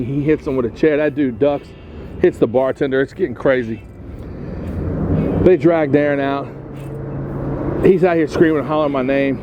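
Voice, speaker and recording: A man telling profane, animated stories as a podcast host while walking outdoors through his hometown. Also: medium pitch, highs cut off, background noise. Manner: profane, animated storyteller who acts out quoted voices. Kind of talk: casual storytelling on a walking tour. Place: outdoors on a town street.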